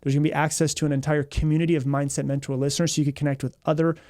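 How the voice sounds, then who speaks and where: A man hosting a podcast as a mindset coach, telling a story in a fast, energetic way, often repeating himself and acting out what people said. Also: a little high, no room sound, studio quality.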